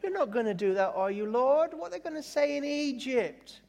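A man's voice: extremely high pitch, animated, moderate pace, creaky, a little mellow, big-room sound, a faint crowd, voice pushed up, heavily acted. A male preacher voicing a prophet who hurriedly soothes an angry God. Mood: coaxing. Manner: coaxing, soothing.

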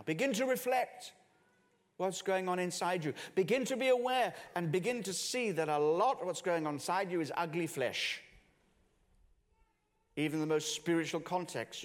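A man preaching a sermon, swinging between hushed low passages and raised emphatic ones. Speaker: pastor. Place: church hall with congregation and musicians. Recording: long reverb of a church hall.

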